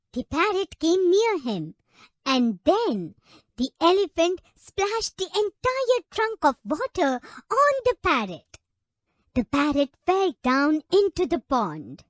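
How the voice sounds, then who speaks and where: A woman narrating a children's story in a slow, expressive, sing-song manner. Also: high-pitched, no room sound, studio quality.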